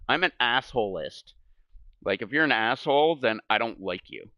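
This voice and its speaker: With a medium-pitched, bright, forceful voice and lively intonation at a normal speed, a middle-aged American streamer rambles through casual talk during a home gaming session. He swears and laughs at his own stories, and there's no room sound.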